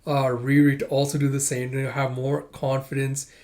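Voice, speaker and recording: A man giving relaxed, rambling thoughts on a comic he just read, with lots of fillers. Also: mid-range voice, moderate pace. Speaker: comic readthrough host. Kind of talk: casual reading commentary.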